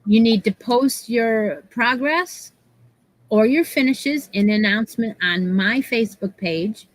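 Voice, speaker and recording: A woman co-host with a New York accent, chatting excitedly on a live craft show. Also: fairly high pitch, slow, low-quality recording. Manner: excitable, laughs often. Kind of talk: casual live-stream chat.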